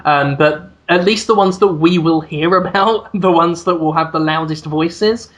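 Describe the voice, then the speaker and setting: A man's voice: on the high side, a little slow, a bit bright. A man co-hosting a gaming podcast, chatting casually and bluntly, laughing now and then. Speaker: podcast co-host. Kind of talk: casual chat.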